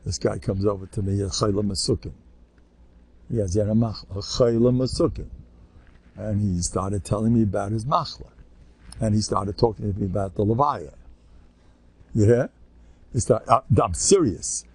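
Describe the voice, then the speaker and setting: An older man, a rabbi, telling stories to a live audience in an animated, joking way, acting out the people he quotes and mixing in Hebrew and Yiddish terms. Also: fairly low pitch, normal speed, slightly rough. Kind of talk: storytelling talk to a live audience.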